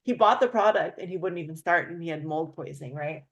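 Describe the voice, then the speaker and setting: A woman hosting a casual chat, telling a story with lively, acted-out quotes of other people. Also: lowish voice, fast talker, muffled recording. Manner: animated storyteller, acts out quoted voices. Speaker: host.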